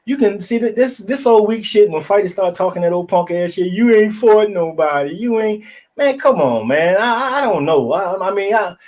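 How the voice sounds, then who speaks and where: A man hosting a casual boxing talk show, blunt and profane, telling animated stories. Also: high voice, fairly quick, few pauses. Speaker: podcast host.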